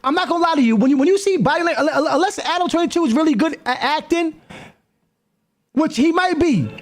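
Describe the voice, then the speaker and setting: Animated high-pitched man reacting on stream. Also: fast. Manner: animated, repeats himself, calls out to people. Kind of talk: live-stream reaction commentary.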